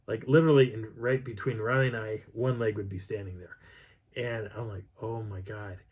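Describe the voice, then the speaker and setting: A man's voice: on the low side, fairly quick, slightly rough. A man casually telling a personal story and acting out the sounds and voices as he goes. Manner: animated, acts out sounds and voices. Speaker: channel host.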